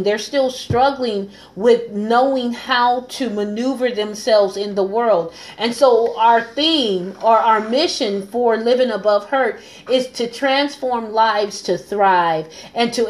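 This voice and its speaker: Earnest woman hosting a live stream. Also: fairly high pitch. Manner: earnest, repeats phrases for emphasis. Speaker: live-stream host and coach. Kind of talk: casual live-stream talk.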